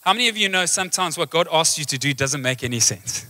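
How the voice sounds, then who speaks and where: Man, pastor, live sermon, high voice, bright tone, animated, questions to the congregation. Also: fast, few pauses. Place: church hall.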